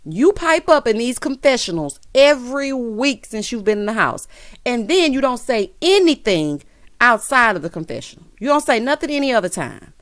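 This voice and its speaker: A woman's voice: a little high, normal speed, no echo. A woman gives a sassy, playful recap of a reality show, mimicking the cast as she tells it. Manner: sassy, playful, animated storytelling with mimicked quotes. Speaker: recap vlogger.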